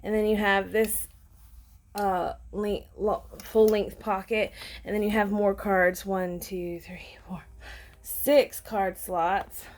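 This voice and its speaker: A woman vlogging an unboxing in a casual, gushing, excitable way, with lots of ums. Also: medium pitch, slow pace. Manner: gushing and excitable, many fillers. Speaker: planner vlogger.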